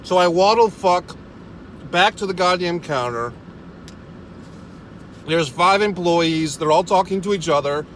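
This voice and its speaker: A man's voice: high-pitched, measured pace, pauses often, a bit bright, slight background noise. A man telling a comic rant in a parked car, exasperated, swearing constantly and laughing at himself. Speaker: vlogger. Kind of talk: profane comedic storytelling rant.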